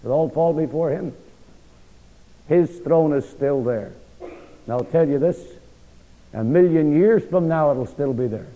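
A man's voice: unhurried, pauses often. Man preaching an emphatic sermon. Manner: emphatic, with rhetorical questions and sweeping pitch shifts. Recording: dull lo-fi sound with long hall reverb.

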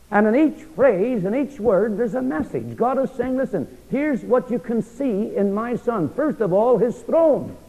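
A man preaching a sermon with emphatic delivery, rhetorical questions and sweeping swings in pitch, recorded in a church hall. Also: warm tone. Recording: dull lo-fi sound with long hall reverb.

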